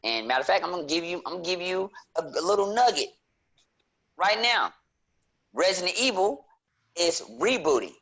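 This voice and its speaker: A man hosting a casual nerd-culture podcast, talking animatedly and leaping into excited high notes. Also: normal speed, long pauses, slightly rough. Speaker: podcast host.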